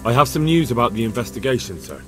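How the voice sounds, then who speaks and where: A man's voice: mid-range voice, big pitch swings, fast talker, music in the background, natural voice. A man voicing an earnest young hero. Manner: earnest, polite and plain-spoken. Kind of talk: video game voice acting.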